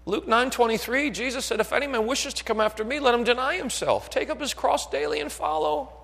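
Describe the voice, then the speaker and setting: A man's high, bright voice carries a sermon through a hall with a long echo. He keeps turning to his listeners to ask whether they are still following. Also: a little fast, vocal fry. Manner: builds from quiet talk to shouted fervor. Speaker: preacher.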